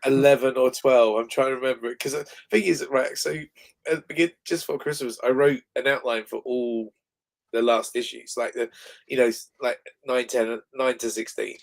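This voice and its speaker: A man's voice: medium pitch, steady tone, normal speed, gravelly. A man chatting casually on a livestream, rambling and restarting his sentences. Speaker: comic book creator.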